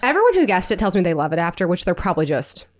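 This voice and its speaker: A woman in her thirties co-hosts a podcast, chatting casually, teasing, and laughing easily. Her fairly low voice is very animated and races along.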